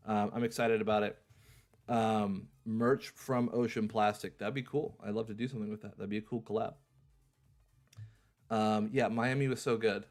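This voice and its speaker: A young man hosting a livestream in a casual, upbeat way, repeating his phrases like an auctioneer. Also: mid-range voice. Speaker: livestream host.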